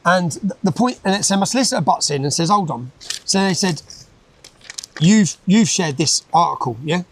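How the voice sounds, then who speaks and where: A man's voice: high-pitched, expressive, moderate pace, a little hiss or hum, rough recording. A man, a guest in a conversational interview, talking emphatically and repeating his points with tag questions.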